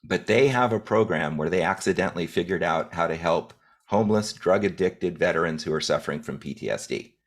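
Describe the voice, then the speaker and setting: A man with a very low voice gives a business talk as a guest speaker. He speaks directly and in measured phrases, sometimes restarting a thought.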